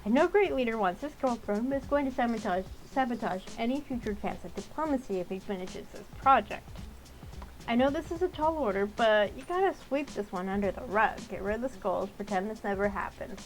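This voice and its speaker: A woman's voice: fairly high pitch, expressive, a little fast, slight background noise, lightly acted, rough recording. A woman voicing a scrappy young female con artist, frank and persuasive, reading a game's dialogue choices aloud.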